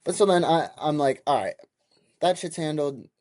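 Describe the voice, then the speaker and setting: In a dry recording, a man in his twenties with a voice on the high side speaks at a moderate pace. He hosts a podcast and launches into a casual, animated monologue, telling a story that's heated and full of profanity.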